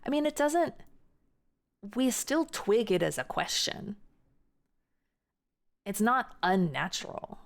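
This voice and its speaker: Rambling casually to her chat from home, this American streamer punctuates her talk with quick laughs and keeps restarting. Her voice is mid-range with vocal fry and large swings in pitch.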